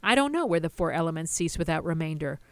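A woman's voice: low voice, sing-song, quick pace, no echo. A woman voicing a boastful male creator god who keeps repeating his titles. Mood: confiding.

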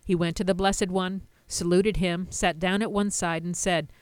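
A woman's voice: lowish voice, steady tone, normal speed, hardly any pauses, clear, resonant tone, dry recording, clean studio sound. A woman teaching a Buddhist sutta, retelling its story with plain asides. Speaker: dharma teacher.

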